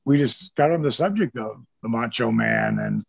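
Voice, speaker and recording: A man, a former wrestler telling stories in a casual interview, animated and swearing freely while he acts out the people he quotes. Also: medium pitch, normal speed, creaky, slightly rough, no room sound, highs cut off.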